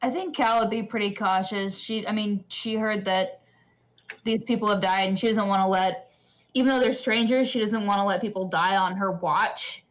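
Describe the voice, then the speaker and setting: A woman's voice: medium pitch, fairly even intonation, moderate pace. A woman playing a tabletop game, earnestly explaining what her character would do. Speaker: player. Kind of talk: casual tabletop game chat.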